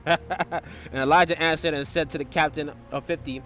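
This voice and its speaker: Dude breaking down bible stories, kinda high voice, keeps tagging stuff on, faint music behind. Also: male voice, steady tone, normal speed, fairly bright tone. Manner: loose and conversational, full of filler tags and restarts, reads scripture aloud. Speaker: Bible teacher. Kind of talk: casual Bible study talk.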